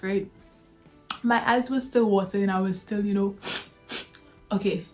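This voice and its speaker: A young woman talks straight to her viewers in a relaxed storytime, calling them y'all and laughing between lines. Her voice sits at a medium pitch. Soft music plays faintly behind her. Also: normal speed, pauses often. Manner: chatty, addresses viewers as y'all, laughs often. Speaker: vlogger. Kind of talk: casual storytime vlog.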